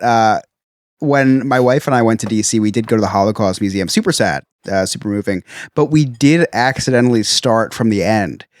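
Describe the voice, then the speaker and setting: A man's voice: mid-range voice, dry recording, studio quality. A man in his thirties hosting a casual podcast chat, talking in a chatty way with many stammered restarts. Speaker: podcast host.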